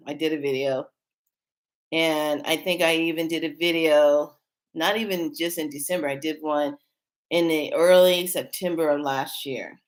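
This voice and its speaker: A woman with a slightly low-pitched voice talks straight to her viewers in a casual spiritual vlog. She rambles and restarts her sentences often, then gets excited and hurried as the story builds. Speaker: spiritual channel host.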